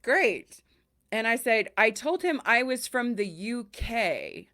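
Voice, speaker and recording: A podcast host tells stories in a casual chat, her voice a little high and her pace a little slow. She's animated and acts out the voices of the people she quotes.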